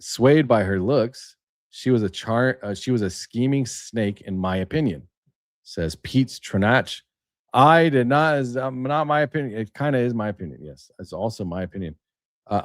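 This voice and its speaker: A man's voice: fairly low pitch, darkish tone, no echo, studio quality. A man hosting a casual livestream, rambling and emphatic, reading aloud and then riffing on it. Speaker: livestream host. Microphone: webcam setup.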